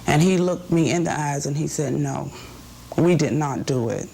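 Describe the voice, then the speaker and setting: A woman recalling a past experience in an interview, composed and deliberate. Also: deep voice, creaky, mellow, slight background noise. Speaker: interviewee, civil rights activist. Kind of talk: interview recollection.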